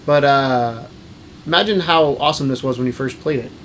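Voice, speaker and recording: A man's voice: mid-range voice, brisk, a bit bright, a little hiss or hum. A man co-hosting a video game let's play, chatting casually and joking with friends. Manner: chatty, joking, laughs easily. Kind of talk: casual gaming chat.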